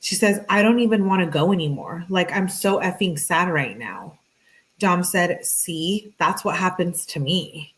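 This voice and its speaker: A woman with a lowish voice reads text messages aloud for her true-crime commentary. She breaks in with blunt, exasperated, conversational asides. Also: measured pace, poor audio.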